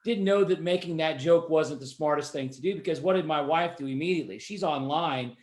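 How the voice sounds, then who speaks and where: A man's voice: on the high side, fairly quick, a little mellow. A man hosting a podcast, telling a rambling personal story in a chatty, self-deprecating way. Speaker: podcast host. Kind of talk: casual anecdotal storytelling.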